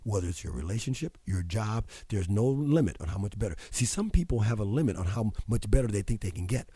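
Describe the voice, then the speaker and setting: Emphatic husky-voiced man giving pep talk. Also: lowish voice, animated, quick pace, few pauses, warm tone, no room sound. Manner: emphatic, preachy, repeats phrases for effect. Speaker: radio show host. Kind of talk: motivational talk.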